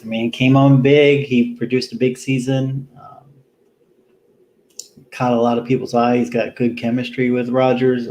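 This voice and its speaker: A man hosting a solo fantasy football show, talking casually and rambling with plenty of pauses, tired after a long day. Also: mid-range voice, mellow, a little hiss or hum, poor audio. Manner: rambling, lots of ums and restarts, easygoing. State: tired, yawning. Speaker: fantasy football podcast host.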